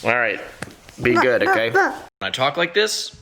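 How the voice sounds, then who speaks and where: A man's voice: medium pitch, wildly swooping pitch, measured pace, pushed and bright. A father filming a family vlog, talking to his young sons in a playful, affectionate, encouraging way. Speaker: father and vlogger. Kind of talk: casual family vlog chat.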